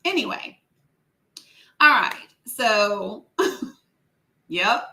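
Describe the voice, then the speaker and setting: A high-voiced woman with a Southern US accent hosts a casual live stream. Her tone is bright and sharp. She teases and needles with sass and laughs often. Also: animated, unhurried. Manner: sassy, teasing, laughs often.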